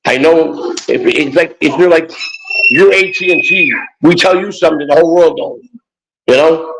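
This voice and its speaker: A man's voice: on the high side, moderate pace, creaky, fairly bright tone, slight background noise, rough recording. An older man and grandfather co-hosting a casual morning chat show, rambling and joking with many restarts. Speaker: co-host.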